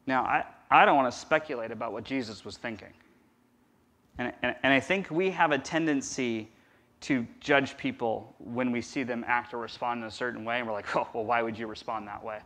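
A man preaching a conversational sermon as pastor, swinging from loud emphasis to a near-whisper. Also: mid-range voice, moderate pace. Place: church.

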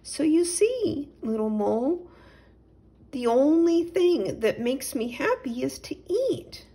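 A plump, miserable cat from a storybook, whining high through her tears, as a woman puts her on. She draws her words out slowly, with a gravelly edge. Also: big pitch swings, warm tone, heavily acted. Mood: wistful. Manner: sobbing, whiny. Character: sad plump female cat, weepy and hungry.

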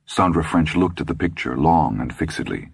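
A deep-voiced man narrates an audiobook in a dramatic, expressive way, his pitch rising and falling widely. His voice is husky, and the recording is close and dry with no room sound. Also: moderate pace, no echo.

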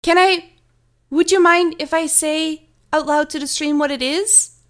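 A woman's voice: high voice, steady tone, unhurried, a bit bright. A woman streaming a game from home, chatting casually with her viewers, giggly, flustered and apologetic, slightly sick, talking close into a desk mic. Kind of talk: casual live-stream chat while gaming.

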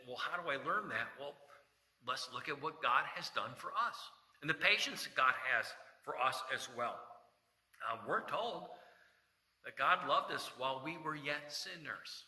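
A man's voice: fairly high pitch, animated, normal speed, bright, forceful tone. A middle-aged male pastor giving a folksy sermon, telling corny jokes and reading scripture. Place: church sanctuary. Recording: echoey church hall reverb.

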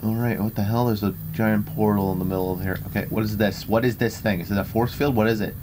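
A young man with a fairly low voice narrates his own fighting-game match out loud, jumping between muttered asides and bursts of trash talk. He laughs at his own jokes, and keyboard typing can be heard behind him. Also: steady tone, fast talker, few pauses, slight background noise. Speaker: gameplay commentator. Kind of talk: live gameplay commentary.

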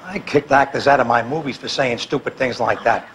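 An actor playing a brusque film director interrupting a detective spoof. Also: male voice, medium pitch, a little fast, fairly bright tone, slight background noise, natural voice. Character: gruff male film director cutting in.

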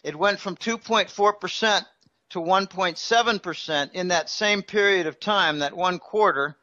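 Bright high-voiced man explaining finance. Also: moderate pace, muffled recording. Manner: explanatory, uses analogies. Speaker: guest financial analyst. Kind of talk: conversational interview explanation.

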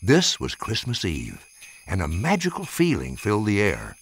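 A man in his eighties reading a storybook aloud with an expressive, sweeping delivery. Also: fairly low pitch, normal speed, slight background noise. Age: 80s. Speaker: narrator.

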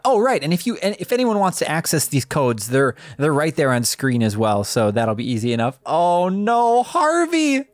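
Woman, gameplay commentary, excitable, lots of laughing, lively pitch, dry close sound. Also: moderate pace, hardly any pauses, no room sound. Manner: excitable, laughing, reacting aloud. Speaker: video game presenter.

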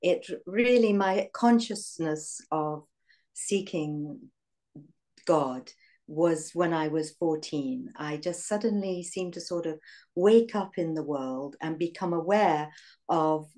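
An English woman in her sixties recalls her past in an interview. Her voice sits very low, and she speaks reflectively, pausing on fillers and breaking into soft laughs. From England. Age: 60s. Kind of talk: reminiscing in an interview.

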